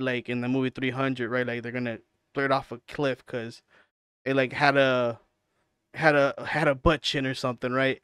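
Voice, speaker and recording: A man's voice: medium pitch, little pitch movement, normal speed, a bit bright, smooth, dry recording, studio quality. A man casually commenting on podcast clips in a teasing, chatty way, full of fillers. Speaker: reaction commentator.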